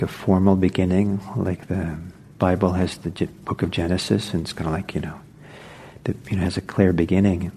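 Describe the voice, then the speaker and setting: A man giving a dharma talk as a meditation teacher, reflective and unhurried, pausing often and restarting his sentences. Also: low-pitched, mellow, slightly rough. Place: meditation center.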